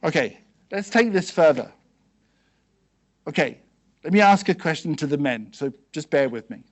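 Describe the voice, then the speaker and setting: Guy giving a talk to a room full of people, voice a bit on the high side, keeps asking the crowd stuff. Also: animated. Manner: quizzes the audience with quick questions; conversational, peppered with "okay" and "yes?". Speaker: seminar speaker. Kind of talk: motivational seminar talk. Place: hall with a live audience.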